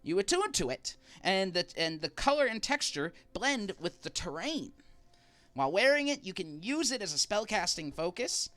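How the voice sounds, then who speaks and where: A man's voice: sits high, big pitch swings, normal speed, bright, forceful tone, exaggerated voice. A man voicing a courteous, generous male merchant who hands out magic items, speaking politely and formally.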